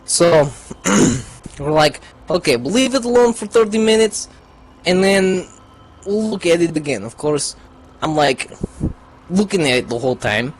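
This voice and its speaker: A man's voice: a little high, animated, unhurried, long pauses, a little hiss or hum. A man doing a put-on Russian accent as a crude young storyteller, telling a rambling comic tale in broken English with lots of swearing. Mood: deadpan. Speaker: gaming group regular.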